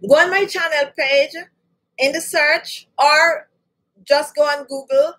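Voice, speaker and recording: Woman, high voice, beauty vlog host, casual live chat, addresses viewers. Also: steady tone, slow pace, a bit bright, rough recording. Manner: chatty, repeats lists, addresses viewers directly.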